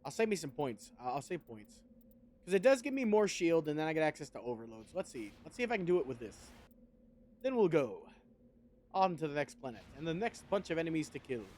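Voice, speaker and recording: A man's voice: a little high, very animated, brisk, darkish tone. A man streaming a video game, chatting casually and wryly to viewers, swearing freely as he plays. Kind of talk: casual gameplay commentary.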